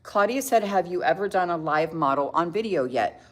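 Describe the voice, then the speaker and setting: Woman, middle-aged, low voice, casual makeup tutorial, chatty, reads out comments. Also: animated. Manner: chatty, reads viewer comments aloud, quick to laugh. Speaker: makeup livestream host.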